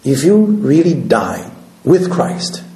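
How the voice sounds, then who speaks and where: Halting preacher with echo. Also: male voice, fairly high pitch, big pitch swings, warm tone. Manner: halting, repeats words, second-language English. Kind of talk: sermon storytelling.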